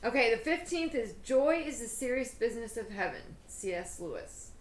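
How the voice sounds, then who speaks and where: A woman's voice: on the high side, sing-song, normal speed, roomy sound, slight background noise, poor audio. A woman hosting her own cooking show, chatting casually in a bubbly, self-deprecating way with lots of fillers. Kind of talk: casual cooking vlog chat.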